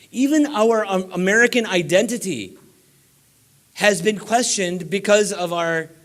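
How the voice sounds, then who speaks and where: Higher-pitched man giving an emphatic keynote. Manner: emphatic, exhorting the audience. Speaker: keynote speaker. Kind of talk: banquet keynote speech. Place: banquet room before about four hundred people.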